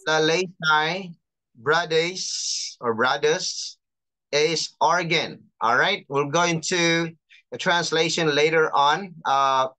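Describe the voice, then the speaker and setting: A chaplain teaching an online class, patiently explaining and reading out terms slowly over a video call. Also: medium pitch, bright, forceful tone. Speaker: chaplain and lecturer.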